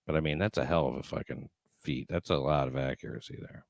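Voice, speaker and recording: A man's voice: a bass voice, fairly even intonation, fast talker, no echo. A man hosting a livestream, chatting casually and reading viewer comments, rambling and swearing with many fillers and restarts. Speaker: show host reading live chat.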